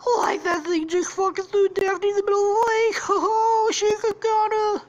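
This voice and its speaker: A woman's voice: extremely high pitch, level tone, muffled recording, pitched above the performer's own voice. A woman voicing Shaggy as a goofy, jittery young man who yelps and laughs through "like, man.". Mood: panicked. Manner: yelping, laughing, drawn-out "like, man".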